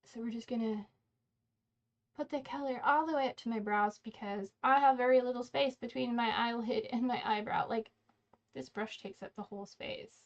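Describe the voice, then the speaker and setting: A woman hosts a casual get-ready-with-me makeup livestream, chatting and rambling while she works and often correcting herself mid-sentence. Her voice is fairly high at a normal speed, and the audio is slightly dull and lo-fi.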